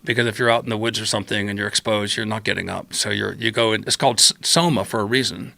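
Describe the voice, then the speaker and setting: A man with a gravelly, creaky edge and a bright, forceful tone tells a personal story as a podcast guest. He talks in an animated, rambling way, jumps into tangents and acts out what he said back then. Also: lowish voice, quick pace, dry recording. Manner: acts out his own quoted remarks, tangential and repetitive.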